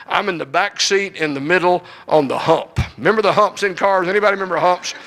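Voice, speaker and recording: A man's voice: high-pitched, a little fast, fairly bright tone, rough recording. A middle-aged man preaching to a church, telling folksy, joking stories. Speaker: guest preacher. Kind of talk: humorous sermon storytelling.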